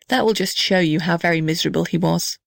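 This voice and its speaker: A woman reading a children's storybook aloud in a gentle, measured way. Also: fairly low pitch, gravelly, no room sound, studio quality. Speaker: narrator.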